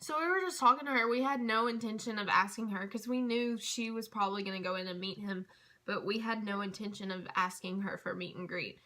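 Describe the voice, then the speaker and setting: A young woman telling a story in a casual vlog, gushing and chatty with lots of fillers, dropping to a hush at tense moments. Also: mid-range voice, a little fast. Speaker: vlogger.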